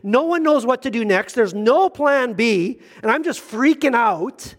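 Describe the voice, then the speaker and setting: A man with a high, light voice preaches a sermon in a relaxed, conversational way. He's a middle-aged pastor who slips into other people's voices to act out what they say. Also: a little slow.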